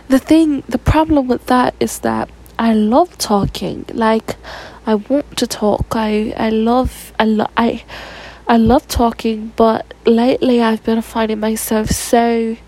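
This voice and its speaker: A sleepy young woman in a rambling late-night vlog chat, soft and drowsy, sometimes sliding into a whisper. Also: a little high, steady tone, slow, low-quality recording. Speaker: vlogger.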